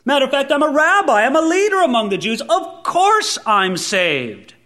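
A proud religious leader who is certain of his own standing, put on by a male preacher mid-sermon. He sounds indignant and self-satisfied, and his high voice climbs on his boasts. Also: sing-song, moderate pace, pushed and bright, exaggerated voice.

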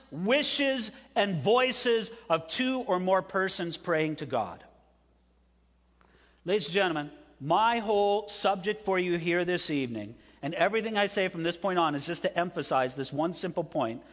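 A male pastor delivers an evening sermon in a high, animated voice that swoops up and down as he leans on key phrases. He keeps asking the congregation questions. The sound rings with the long reverb of a church hall. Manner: preaching with rising emphasis and questions to the congregation.

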